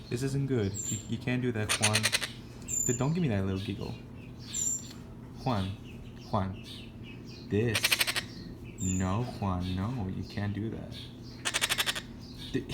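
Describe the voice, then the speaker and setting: Woman w a really low voice, slow and teasing, scolding a parrot like a kid, birds squawking loud all around. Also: expressive. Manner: playful scolding, affectionate teasing. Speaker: animal caretaker. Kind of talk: casual vlog, talking to animals. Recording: loud bird noise behind the voice. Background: loud bird calls and chirping.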